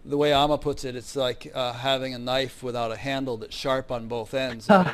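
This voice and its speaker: A man's voice: medium pitch, level tone, moderate pace. A man hosting an interview, speaking reflectively in a casual spiritual conversation and giving short affirmations while his guest talks. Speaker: interview host.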